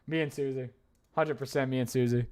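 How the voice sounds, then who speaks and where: A man chatting casually in a relaxed way while streaming a video game. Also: medium pitch. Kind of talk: casual let's-play chat. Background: game music.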